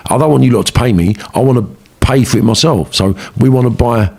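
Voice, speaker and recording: A man with a London accent telling his life story in an interview, blunt and slangy, with plenty of swearing, getting animated as he relives arguments. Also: mid-range voice, a little fast, vocal fry, slightly rough. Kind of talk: casual storytelling.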